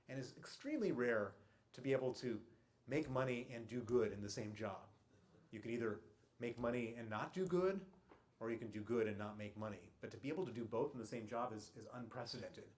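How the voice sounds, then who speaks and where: A man giving a public talk as guest speaker, telling his story with punchy emphasis, dry humour and frequent restarts. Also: medium pitch. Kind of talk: storytelling lecture to an audience. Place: college lecture hall.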